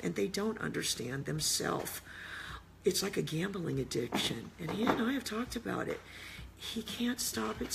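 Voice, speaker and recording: A man with a Midwestern accent, a dog trainer talking off the cuff, boastful and blunt, dropping to low mutters and then breaking into loud bursts. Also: creaky, slight background noise. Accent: Midwestern American. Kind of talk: unscripted monologue.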